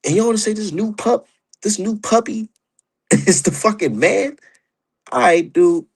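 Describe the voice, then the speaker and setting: A man's voice: sits high, animated, measured pace, creaky, slightly rough. A man ranting about boxing on his stream, heated, profane and mocking. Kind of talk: opinionated casual rant.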